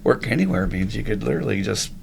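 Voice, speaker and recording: A man's voice: lowish voice, lively intonation, fast talker, gravelly, a little hiss or hum. A man hosting a podcast interview, chatting casually and enthusiastically, swearing freely and laughing often. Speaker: podcast host.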